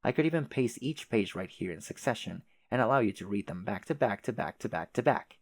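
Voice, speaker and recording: A man's voice: lowish voice, expressive, brisk, no room sound. A man voicing a fussy, long-winded advisor who speaks in a put-on British manner, formal and wordy. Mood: earnest. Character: prim, verbose troll advisor putting on a British manner.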